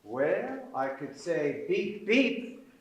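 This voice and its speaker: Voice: medium pitch, very animated, very slow, distant mic, dull audio. A performer playing a strange new neighbor in a stage comedy sketch, with an eerie, swooping delivery. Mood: menacing. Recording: noisy, echoey room.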